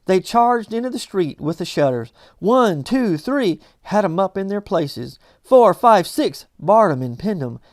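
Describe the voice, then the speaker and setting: A man's voice: sits high, big pitch swings, no echo, studio quality. Man narrating a classic novel. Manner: measured storytelling. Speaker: audiobook reader.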